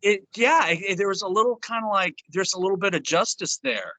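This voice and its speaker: A man in casual podcast chat, animated, laughing along and stammering when excited. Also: sits high, fairly quick, creaky, no echo.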